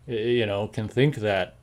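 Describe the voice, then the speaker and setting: A man's voice: mid-range voice, a little mellow. A man with a General American accent hosting a casual live show, reading chat comments and rambling with many fillers and repeated words.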